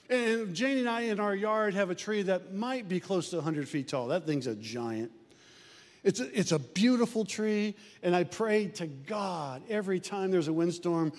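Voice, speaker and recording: Man, midwestern roots, folksy conversational preacher; very high pitch, long hall reverb. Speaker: pastor. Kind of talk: sermon.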